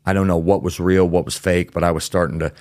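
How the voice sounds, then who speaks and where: A man's voice: low voice, little pitch movement, fast, a little mellow, dry recording. A man as a podcast guest, telling his story candidly and casually, with plenty of fillers and the odd swear word.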